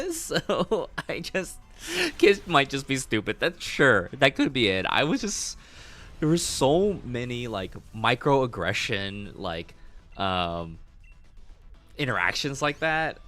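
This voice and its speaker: A man streaming a game while telling a long story in an animated, chatty way, laughing often, swearing, and leaning on lots of fillers. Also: mid-range voice, slow, soft background music. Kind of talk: casual storytelling while gaming.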